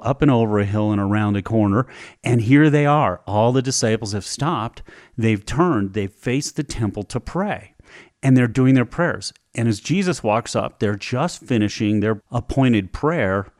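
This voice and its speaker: A man's voice: medium pitch, lively intonation, measured pace, darkish tone, dry recording. Give me a man hosting a podcast, retelling a story vividly in a dry, close recording. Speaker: podcast host. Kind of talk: faith-based storytelling talk.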